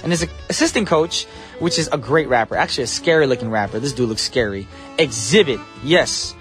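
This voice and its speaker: A man's voice: medium pitch, expressive, brisk, a bit bright, soft background music. A young man hosting a morning radio show in a studio, chatty and joking as he talks to listeners.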